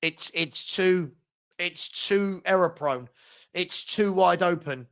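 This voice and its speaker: Guy doing fan commentary on a live stream, pretty high voice, gets fed up with his team. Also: slow pace, fairly bright tone, smooth. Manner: partisan, exasperated running commentary, chatting with viewers. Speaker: watchalong host.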